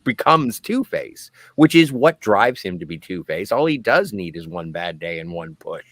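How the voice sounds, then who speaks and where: A man co-hosting a podcast, excitedly analyzing a character's motives in casual film talk. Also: low-pitched, normal speed, no echo. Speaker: podcast co-host.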